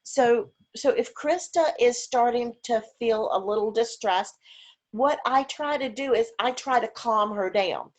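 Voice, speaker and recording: A woman's voice: fairly high pitch, a little slow. A woman giving an informal conference talk on caregiving over a video call, chatty with frequent fillers and demonstrating voice examples as she goes.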